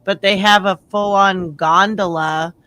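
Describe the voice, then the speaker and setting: A woman's voice: medium pitch, fairly even intonation, measured pace, bright, forceful tone. A woman hosting a livestream who chats in an easygoing, rambling way. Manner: easygoing, chatty. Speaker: livestream host. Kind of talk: casual chat.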